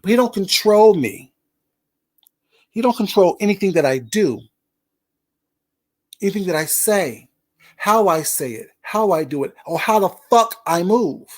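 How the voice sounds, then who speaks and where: A man's voice: high-pitched, lively intonation, normal speed. Profane man ranting a story. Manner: profane, emphatic, repetitive. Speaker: streamer. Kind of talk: storytelling rant to viewers.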